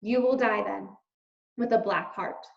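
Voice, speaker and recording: A woman's voice: mid-range voice, unhurried, vocal fry. A woman voicing a stern, pompous male mouse leader who hands down commands. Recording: roomy, slightly dull recording.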